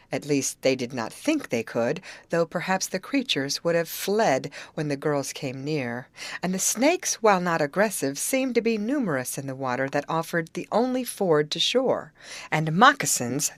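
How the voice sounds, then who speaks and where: A woman reading an audiobook aloud in an expressive, animated narration style. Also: sits low, moderate pace, no echo. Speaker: audiobook reader. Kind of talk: scripted narration.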